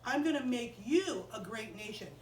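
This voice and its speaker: A woman's voice: fairly high pitch, expressive, moderate pace, darkish tone, distant mic, natural voice. A woman voicing God as stern and displeased in a children's Bible story. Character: stern, angry God, male voice. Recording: roomy chapel, voice off-mic.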